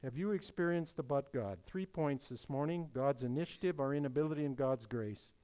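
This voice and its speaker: A man preaching a sermon in an emphatic, deliberate way, repeating key phrases. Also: mid-range voice, warm tone, clear, resonant tone.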